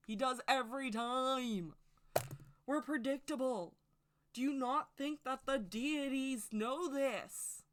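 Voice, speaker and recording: A woman's voice: high-pitched, takes it slowly, a little hiss or hum. A woman giving a casual, rambling opinion monologue to camera as a witchcraft video creator, speaking emphatically and straight to her viewers.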